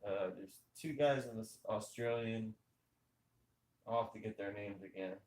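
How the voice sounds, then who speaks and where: A man's voice: lowish voice, measured pace, a little mellow. A man hosting a casual podcast, talking emphatically about movies and firing off rhetorical questions. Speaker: podcast host. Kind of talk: casual opinionated chat over gameplay. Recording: echoey room.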